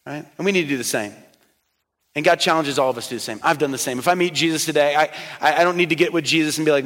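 A middle-aged man with a fairly high voice delivers a sermon from the pulpit. He tells personal stories, sinking to quiet, slow lines before pushing up to loud emphasis. His voice trails off in the long reverb of a church hall. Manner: storytelling, swings from soft and slow to loud and emphatic. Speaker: pastor.

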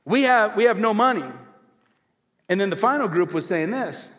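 A man preaching a sermon to a congregation, animated and asking the audience rhetorical questions. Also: sits high, normal speed, long reverb tail. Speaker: pastor. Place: church hall before a congregation.

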